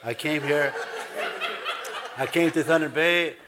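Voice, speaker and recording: A man's voice: on the high side, slow, noisy background. A man preaching a sermon in a folksy way, with an Ojibwe-influenced Canadian accent, joking with the congregation and calling for responses. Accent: Ojibwe-influenced Canadian English. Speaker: pastor.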